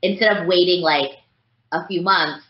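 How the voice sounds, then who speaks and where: Woman guest, rambling casual talk, low-ish voice, dull roomy recording. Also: steady tone, normal speed. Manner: rambling, many "like" fillers. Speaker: voice actress guest. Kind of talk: casual interview chat.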